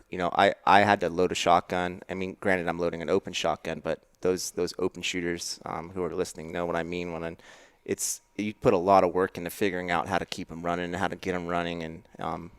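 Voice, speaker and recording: A man's voice: low-pitched, clean tone, dry recording, clean studio sound. A man chatting casually on a podcast, telling a rambling story with frequent restarts. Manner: rambling, self-correcting storyteller. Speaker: podcast guest. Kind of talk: casual chat.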